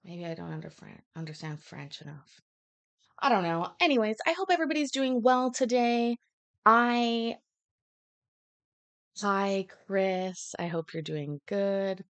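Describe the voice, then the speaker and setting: A woman's voice: medium pitch, unhurried, pauses often, clear, resonant tone. A woman hosting a casual livestream, chatting in a rambling way with frequent fillers. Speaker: livestream host.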